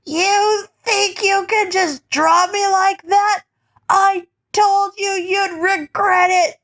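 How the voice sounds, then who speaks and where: A woman voicing a drunk, vengeful young man who slurs and taunts as he shouts, in a fan-fiction audiobook. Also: very high voice, fairly even intonation, takes it slowly, pitched above the performer's own voice, exaggerated voice. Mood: taunting.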